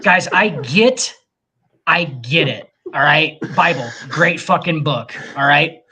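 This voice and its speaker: A man co-hosting a casual podcast, ranting with lots of profanity and animated emphasis. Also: fairly high pitch, takes it slowly, slightly rough. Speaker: podcast co-host.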